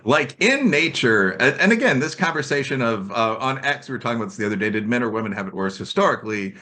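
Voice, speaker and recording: Bright-voiced man hosting a podcast. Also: medium pitch, quick pace. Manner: rambling, animated storytelling, jokey. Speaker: podcast host. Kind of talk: casual podcast conversation.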